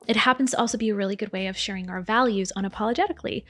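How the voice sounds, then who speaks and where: A woman's voice: medium pitch, very fast, pushed and bright. A woman vlogging casual, candid marketing advice for small businesses, with asides to her viewers.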